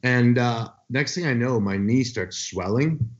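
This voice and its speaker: A man's voice: mid-range voice, measured pace. A man co-hosting a casual chat, telling rambling stories and swearing freely. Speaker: podcast co-host. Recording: dull lo-fi sound.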